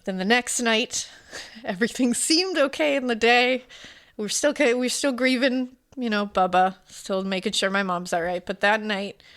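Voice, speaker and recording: A woman's voice: on the high side, moderate pace, a bit bright. A woman in her forties co-hosting a podcast, talking in an emotional, rambling way with many fillers and restarts. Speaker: podcast co-host. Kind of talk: casual podcast chat.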